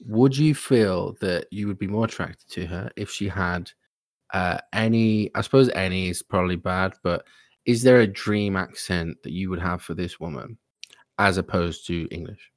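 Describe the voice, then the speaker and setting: A man's voice: sits low, moderate pace, no room sound. A young man chatting casually as a podcast co-host, hesitant and teasing, with a lot of swearing. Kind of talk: casual chat.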